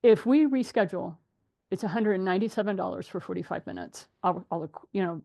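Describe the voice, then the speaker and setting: Woman, middle-aged, host, casual group chat, animated storyteller, laughs often. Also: lowish voice, creaky.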